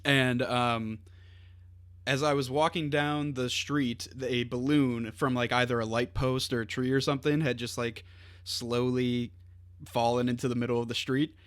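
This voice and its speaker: A young man, a podcast guest, telling stories in casual chat, animated and laughing often. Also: mid-range voice, moderate pace, no room sound. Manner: animated storyteller, laughs through his stories. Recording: noisy background hiss.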